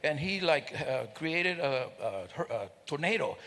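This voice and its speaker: A man speaking to an audience at a celebration, telling stories in an animated, joking way and acting out sounds and voices. His voice sits a bit high and has a gravelly edge. A long reverb from the hall trails behind his words. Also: measured pace. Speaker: guest speaker. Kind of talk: storytelling speech to an audience. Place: event hall.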